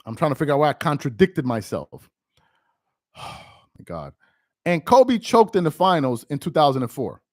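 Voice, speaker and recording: A man's voice: a little high, no echo. Guy ranting on a sports stream, laughing and trash-talking, bouncy voice, dry close sound. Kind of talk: casual live-stream commentary.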